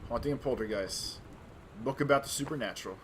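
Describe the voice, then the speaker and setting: A man's voice: medium pitch, brisk, a bit bright, slight background noise. A man hosting a let's play, giving casual gameplay commentary with joking, offhand asides.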